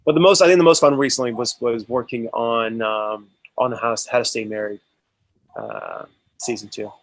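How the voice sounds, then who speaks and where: A man's voice: mid-range voice, sing-song, moderate pace, vocal fry, dry recording, poor audio. A male actor as an interview guest, telling stories in a casual, enthusiastic way with many restarts.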